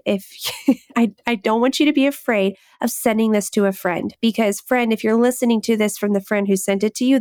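A woman's voice: medium pitch, dry recording, studio quality. A woman hosting a faith-based fertility podcast, talking with passion and frequent laughter. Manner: passionate, fervent, laughs often. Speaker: podcast host.

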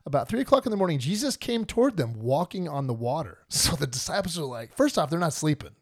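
A man's voice: on the high side, very animated, fast, no room sound, studio quality. A man hosting a podcast, casually retelling and joking about a Bible story with lots of laughs. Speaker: podcast host.

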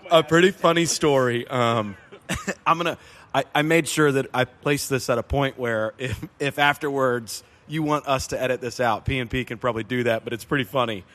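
A man's voice: medium pitch, moderate pace. A man hosting a casual beer podcast, telling a story and laughing often. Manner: laughing storyteller, lively delivery. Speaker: podcast host. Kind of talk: casual chat.

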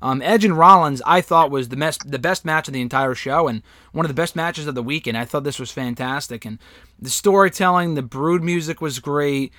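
A man hosts a casual wrestling review chat with a fairly high voice. He is opinionated and swears casually. The recording is dry and close. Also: a little fast, bright, forceful tone, no echo. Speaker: podcast host.

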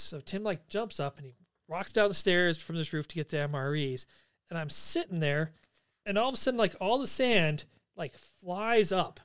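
A man in his forties, a podcast host and army veteran, telling a story casually among old friends, animated and swearing freely. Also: sits high, moderate pace, clean tone.

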